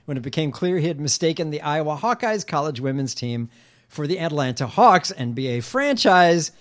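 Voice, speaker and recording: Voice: medium pitch, lively intonation, normal speed. A co-host reading news stories and quotes aloud on a political talk show, now and then mixing up names and correcting themselves. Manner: reads quotes aloud, stumbles over names.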